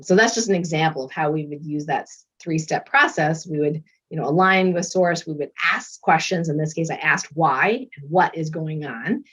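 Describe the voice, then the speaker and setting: A middle-aged woman, a doctor and author, chatting as an interview guest and telling lively stories. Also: sits low, normal speed, few pauses, slightly rough. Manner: lively storyteller who acts out quoted voices and laughs often. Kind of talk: casual interview chat. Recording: dull lo-fi recording.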